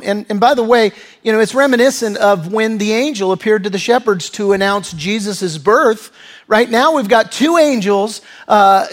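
A male pastor preaching a sermon in an earnest, conversational way, often restarting and stumbling over his words. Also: sits high.

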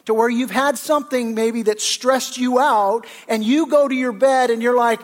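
A man's voice: very high voice, normal speed, few pauses. Guy pastor giving a sermon, chatty and earnest, lots of restarts. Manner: earnest, conversational preaching with frequent restarts.

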